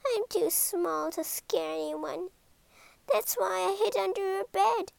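A woman voicing the smallest monster in the world, a timid little female creature with a squeaky voice. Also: takes it slowly, gravelly, a little mellow, no echo, heavily acted. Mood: sad, squeaky. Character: tiny timid female monster, sad then clever.

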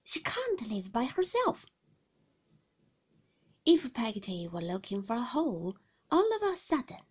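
A woman reading a classic novel aloud in a soft, half-whispered voice. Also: medium pitch, slightly rough. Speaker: narrator. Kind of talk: storybook reading.

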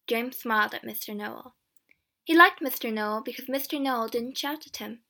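A woman narrates a storybook in the first person, clear and steady. Her voice is bright and sits fairly high. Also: normal speed. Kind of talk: storybook reading.

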